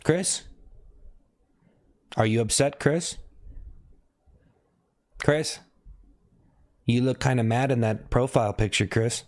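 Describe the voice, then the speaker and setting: A man's voice: takes it slowly, pauses often. Man on a live stream, casual chat, repeats himself, whoops now and then. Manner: repeats questions, thanks viewers by name; sudden high whooping shouts. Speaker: livestreamer.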